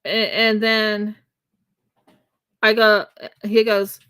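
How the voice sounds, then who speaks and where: Slow, bright-voiced woman telling a story. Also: medium pitch. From United States. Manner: chatty, animated, acts out dialogue in her story. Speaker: craft livestream host. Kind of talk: casual storytelling while crafting. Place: home craft room.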